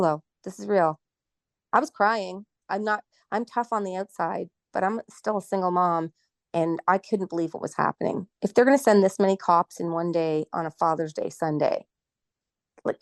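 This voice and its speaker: A woman's voice: mid-range voice, no room sound, studio quality. A middle-aged woman from Canada, a guest telling her story in a casual interview, agitated and indignant.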